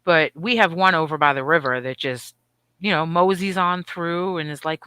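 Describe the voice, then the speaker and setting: Middle-aged woman co-host, bright voice, dry sound, lively and profane. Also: low voice, a little fast, clean tone, dry recording. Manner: animated, profane storytelling with voiced asides. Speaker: podcast co-host. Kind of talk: casual chat.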